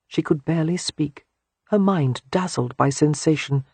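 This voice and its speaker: An audiobook narrator reading a romance novel in a soft, hushed, unhurried way. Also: mid-range voice, slightly rough, no room sound.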